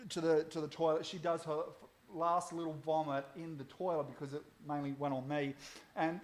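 A man in his thirties preaching a Christmas sermon, telling stories with swings between soft asides and loud outbursts. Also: high-pitched.

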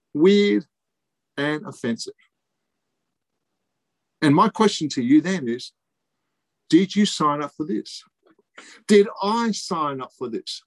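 A man preaching a sermon, emphatic, repeating key phrases and pausing for effect. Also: high-pitched, no echo.

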